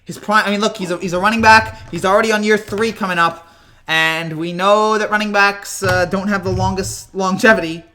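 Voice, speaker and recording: A young man hosting a casual live reaction stream, rambling and excitable, whose voice cracks often. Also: high voice, a little fast, slight background noise. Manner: rambling, excitable, repeats himself.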